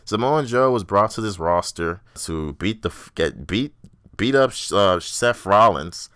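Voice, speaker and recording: Low, smooth-voiced man ranting. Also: lively intonation, unhurried, a bit bright, dry recording, studio quality. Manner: blunt, profane, ranting, mocks others in exaggerated voices. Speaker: podcast host. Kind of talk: casual solo wrestling review.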